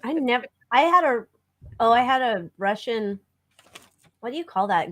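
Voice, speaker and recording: A woman's voice: fairly high pitch, expressive, normal speed, a bit bright. A woman co-hosting a live tarot stream, chatting in a playful, joking way. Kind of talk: casual live-stream chat.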